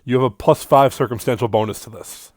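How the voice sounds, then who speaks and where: A man narrating as game master of a tabletop game in a measured, descriptive way. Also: mid-range voice, a little mellow, no echo, clean studio sound. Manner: measured, descriptive, sometimes trails off.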